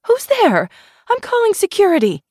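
Woman voicing a wary, sharp-tongued young woman. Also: fairly high pitch, big pitch swings, slow pace, no room sound, clean studio sound, voice pushed up, full character voice. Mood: alarmed.

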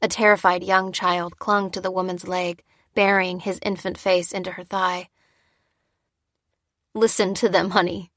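A woman reading a story aloud in steady, even scripted narration. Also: on the low side, moderate pace, no room sound, studio quality. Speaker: audiobook narrator.

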